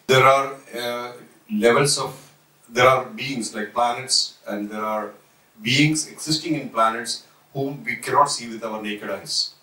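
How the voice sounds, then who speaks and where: A man gives an unhurried spiritual talk, pausing to restart his phrases. He sits back from the mic, so his voice carries a roomy echo. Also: medium pitch, pushed and bright. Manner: slow, reflective, with pauses and restarts. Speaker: spiritual teacher. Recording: roomy, voice from a distance.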